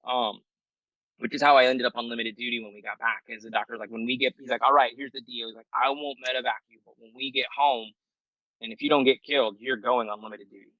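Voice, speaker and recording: A middle-aged Marine veteran telling a story as a podcast guest in a loose, profane, rambling way with many fillers. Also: male voice, mid-range voice, fairly even intonation, fast, pushed and bright, no room sound, poor audio. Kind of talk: casual storytelling.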